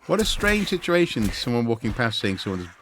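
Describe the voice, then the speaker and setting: A man's voice: medium pitch, very animated, fairly quick, fairly bright tone, a little hiss or hum. A man streaming a game, chatting and musing with lots of fillers and restarts. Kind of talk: gaming livestream commentary.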